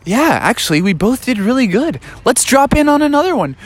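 Man voicing two mellow surfer animal pals; relaxed dude talk with lively ups and downs. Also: extremely high pitch, brisk, husky, pitched above the performer's own voice, exaggerated voice. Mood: excited. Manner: laid-back surfer talk. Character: two laid-back male surfer animal buddies.

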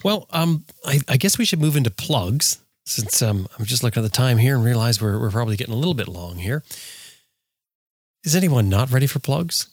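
A man's voice: mid-range voice, very animated, brisk, no room sound, studio quality. A man hosting a podcast chat, playful and teasing as he steers the talk. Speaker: host. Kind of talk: casual group chat on a podcast.

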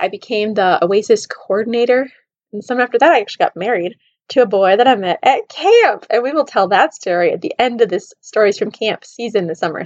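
A woman in her thirties hosting a podcast, telling personal stories in an animated, heartfelt way. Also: a little high, no room sound, muffled recording. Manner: animated, emotional storytelling with laughs. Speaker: podcast host. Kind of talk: storytelling podcast monologue.

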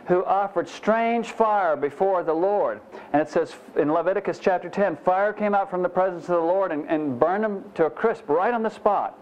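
A man's voice: high voice, a little mellow. A man preaching a conversational Bible teaching sermon, folksy and self-deprecating, with frequent "you know" asides. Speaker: pastor. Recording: muffled lo-fi sermon recording.

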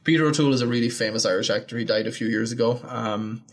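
A man's voice: medium pitch, fast. Guy hosting a laid-back chat, mid voice, explains stuff, jokes around, lots of ums. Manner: chatty, explanatory, teasing, with filler ums. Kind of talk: casual chat.

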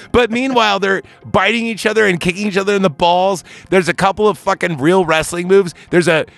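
A man with a somewhat high voice rambles through a movie recap, swearing freely and piling up fillers as he goes. He talks like a relaxed podcast co-host chatting with a friend. Faint music sits behind him. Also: a little fast, creaky, few pauses, dry recording. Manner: rambling, profane storytelling with frequent fillers. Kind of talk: casual chat.

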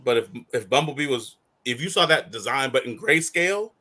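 A man with a bright, lively voice hosts a casual movie review chat. He talks in animated, slangy bursts, laughs often and acts out quotes in little voices. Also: mid-range voice, fairly quick. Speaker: show host.

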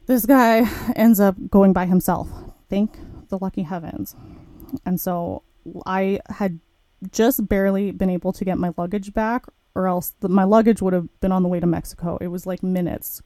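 Candid woman with a mellow, dry voice. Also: medium pitch, no room sound. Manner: candid, chatty, animated retelling with quoted asides. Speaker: podcast host. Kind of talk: casual storytelling.

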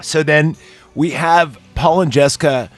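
A man's voice: on the high side, a little slow, faint music behind. Rambling man retelling a movie. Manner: rambling with many fillers, acting out quoted lines. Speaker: podcast host. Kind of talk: casual chat, retelling a movie scene.

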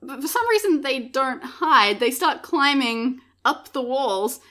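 A woman's voice: sits high, lively intonation, a little slow, bright, forceful tone. A woman narrating a tabletop game as game master, playful and often laughing.

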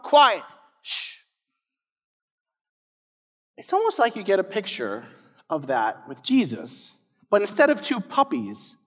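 A man preaching a sermon, swinging between loud emphatic lines and hushed, low asides. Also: in a large hall.

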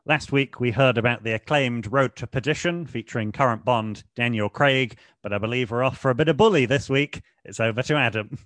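A man's voice: mid-range voice, fairly quick, few pauses, fairly bright tone, dry recording. Easygoing guy hosting a film pod, dry dead room sound. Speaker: film podcast host. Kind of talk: casual film review chat.

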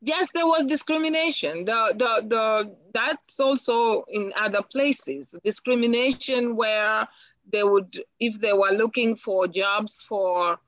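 A woman's voice: on the high side, takes it slowly, fairly bright tone, no echo, dull audio. A woman from Africa, earnestly and reflectively as an interview guest, often repeating words as she thinks. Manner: earnest, reflective, with frequent repetitions. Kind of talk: personal interview.

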